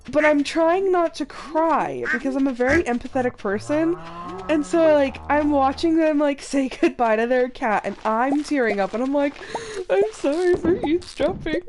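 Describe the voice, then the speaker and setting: A woman's voice: on the high side, noisy background. A young woman streaming a farming game, chatting casually and rambling through a story with many fillers and restarts, emotionally drained. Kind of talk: casual live-stream chat while playing. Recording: game music behind voice.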